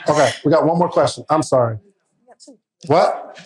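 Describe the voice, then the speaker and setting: A woman moderating a live Q&A, casual and slangy with quick asides. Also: low-pitched. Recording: roomy, loud crowd and noise.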